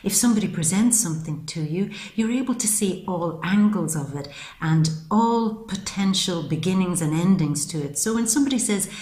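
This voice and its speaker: A woman with a fairly low voice delivers a monthly tarot reading in a chatty, affectionate way, often calling her listeners "baby." She sometimes acts out the voices of the people she talks about. The sound bounces around an echoey room. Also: lively intonation, moderate pace, mellow. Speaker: tarot reader.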